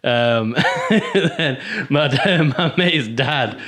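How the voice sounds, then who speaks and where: A young man co-hosting a podcast in a relaxed, chatty way, laughing often as he tells loose stories. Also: on the high side, very slow. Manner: laid-back, chuckles often, loose storytelling. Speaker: podcast co-host. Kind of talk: casual chat.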